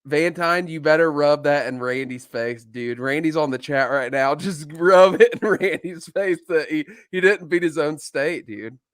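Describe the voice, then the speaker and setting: A man's voice: on the high side, measured pace, few pauses, fairly bright tone, dry recording. Joking man co-hosting a podcast, dry sound. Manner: joking, laughs often, many fillers. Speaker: podcast co-host. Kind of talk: casual live podcast chat.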